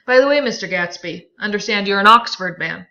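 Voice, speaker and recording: A woman voicing an arrogant, contemptuous rich man while reading a novel aloud, loud and incredulous. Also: medium pitch, expressive, a little fast, dull audio. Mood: scornful. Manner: sneering, incredulous, loud outbursts.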